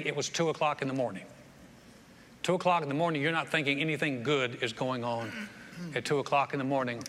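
With a medium-pitched, bright, forceful voice, a pastor gives a sermon to a live congregation in a church sanctuary. He tells stories with folksy humor and frequently repeats words; the reverberant hall has faint ambience plus a little hiss or hum.

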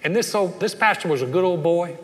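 A man's voice: high voice, brisk. A middle-aged man from the Southern United States, preaching a sermon full of stories and acting out the people in them. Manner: animated, acts out voices in anecdotes. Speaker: pastor. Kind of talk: sermon with storytelling. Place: church sanctuary. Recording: long hall reverb.

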